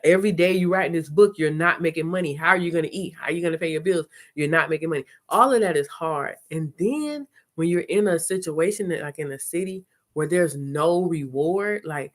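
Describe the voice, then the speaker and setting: A woman hosting a live chat, telling stories casually, swearing, and playing out conversations in quick voices. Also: sits low. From lived in New Orleans. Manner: chatty, animated, swearing, retells talks in quick voices. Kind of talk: casual live-stream storytelling.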